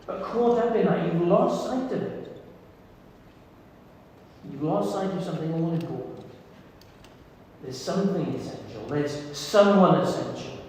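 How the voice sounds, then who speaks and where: A man preaching a sermon as pastor, earnest and intimate, with soft pauses. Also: a little high. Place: church hall. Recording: echoey hall from far off, faint noise.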